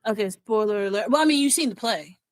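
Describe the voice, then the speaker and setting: A woman co-hosting a casual entertainment podcast, talking in an animated, emotional way. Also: mid-range voice, quick pace, no room sound. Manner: animated, emotional, acts out quotes. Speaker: podcast co-host. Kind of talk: casual chat.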